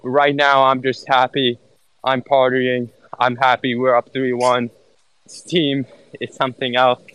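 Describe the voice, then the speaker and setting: A man calling in as a fan, talking in a relaxed, upbeat, chatty way. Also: mid-range voice, unhurried, clear, resonant tone, no echo, poor audio. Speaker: caller, home fan. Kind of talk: casual chat.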